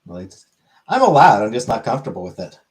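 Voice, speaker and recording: A man's voice: deep voice, very fast, a little mellow. A man streaming and answering his chat in a laid-back way, swearing casually.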